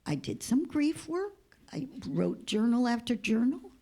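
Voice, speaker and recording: A woman's voice: a little high, big pitch swings. A woman minister giving a heartfelt sermon and telling a story, sometimes dropping to a whisper. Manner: slow, heartfelt storytelling with hushed, whispered moments. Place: church sanctuary.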